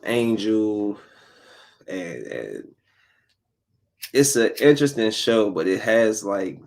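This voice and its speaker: A man's voice: fairly low pitch, creaky, darkish tone. A man hosting a casual solo podcast, talking bluntly and loosely, repeating himself and using slang. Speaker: podcast host.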